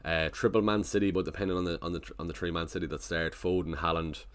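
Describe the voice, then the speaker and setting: A man's voice: low voice, steady tone, quick pace, clean tone. A man casually chatting on a live stream, thinking aloud and greeting viewers in the chat. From Ireland.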